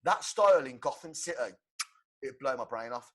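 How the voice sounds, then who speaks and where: A man co-hosting a podcast, excitedly pitching a film plot with swearing and shouted sound effects. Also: normal speed. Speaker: podcast co-host. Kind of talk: animated movie-pitch storytelling.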